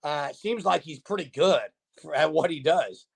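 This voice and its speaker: Chatty male livestream host, gravelly and a touch high-pitched, talks straight to the viewers. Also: moderate pace. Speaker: host of a sports livestream show. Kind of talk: casual sports talk, reading viewer comments.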